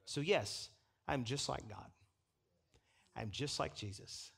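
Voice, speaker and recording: A man preaching a sermon from the pulpit, animated and chuckling as he acts out the people he quotes. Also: mid-range voice, takes it slowly, creaky, breathy edge. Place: church pulpit.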